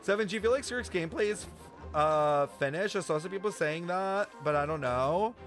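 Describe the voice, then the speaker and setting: Man, game reaction streamer, high voice, very lively, profane, excitable, faint game music. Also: moderate pace.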